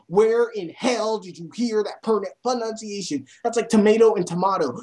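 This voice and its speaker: A young woman ranting about a film, exasperated and swearing constantly, her voice climbing to near shouts. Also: fairly high pitch, moderate pace. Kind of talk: profane rant.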